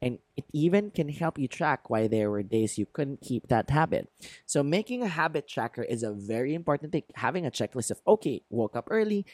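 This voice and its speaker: Man, podcast host, encouraging self-help talk, medium pitch, dry close sound. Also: lively intonation, a little fast, dry recording. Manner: earnest, encouraging, laughs at himself. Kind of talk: motivational self-help monologue.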